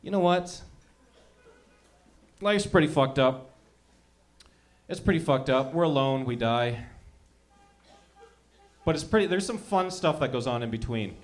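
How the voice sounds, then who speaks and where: A young adult man doing a profane, rambling stand-up comedy set, telling animated stories to a crowd. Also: medium pitch, unhurried, long pauses, soft background music.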